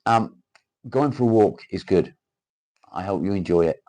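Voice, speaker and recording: Man, low voice, mixed northern English and Welsh accent, chatty, sweary, livestream chat. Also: normal speed, mellow. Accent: mix of northern English and South Welsh. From Cheshire, England. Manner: chatty and sweary, greets viewers by name. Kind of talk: casual livestream chat reading out comments.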